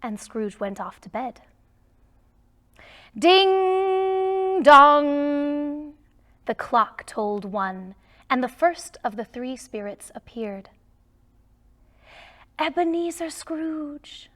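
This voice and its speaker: A woman reading a children's storybook aloud, slow and expressive with emphatic lines. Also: medium pitch. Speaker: storybook reader.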